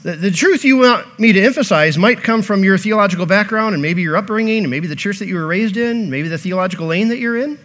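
Guy pastor with a pretty high voice preaching a sermon, earnest, keeps repeating stuff and asking the church questions. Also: fast talker, hardly any pauses, fairly bright tone. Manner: earnest, repeats phrases and poses rhetorical questions to the congregation.

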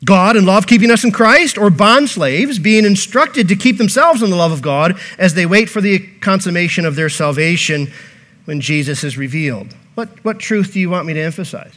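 A man's voice: high-pitched, expressive, normal speed, a bit bright. A pastor preaching a sermon, earnest and repeating key phrases, posing rhetorical questions to his congregation.

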